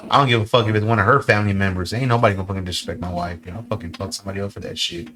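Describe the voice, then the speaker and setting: A man's voice: lowish voice, racing, bright, forceful tone. A man in a casual podcast chat, talking tough and swearing bluntly.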